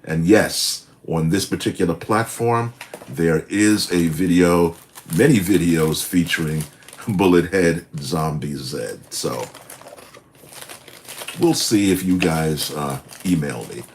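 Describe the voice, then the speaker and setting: A man's voice: deep voice, slow, a little hiss or hum. Rambling older man live streaming from home. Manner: rambling, animated, chatty with self-corrections. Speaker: caricature artist hosting a livestream. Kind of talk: casual live stream chat.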